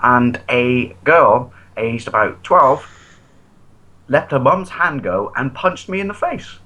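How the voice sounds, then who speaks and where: A man's voice: mid-range voice, lively intonation, slow pace, bright, forceful tone, low-quality recording. An English man co-hosting a podcast, chatting casually in profane, jokey rants. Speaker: podcast co-host. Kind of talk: casual chat.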